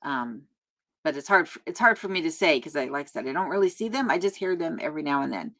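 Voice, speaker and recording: A chatty woman hosts a live stream from her remote home, reading out viewer comments and answering them one by one. Her voice sits a little low, and she talks casually with plenty of ums and small laughs. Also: lively intonation, quick pace, a bit bright. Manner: chatty and friendly, laughs often, many ums. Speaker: YouTube host answering live chat.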